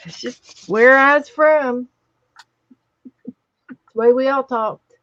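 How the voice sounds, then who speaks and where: A woman with a West Virginia accent hosting a casual livestream chat, telling stories slowly with many restarts. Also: high voice, fairly bright tone, dry recording, highs cut off. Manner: slow, rambling storytelling with many restarts. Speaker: livestream host.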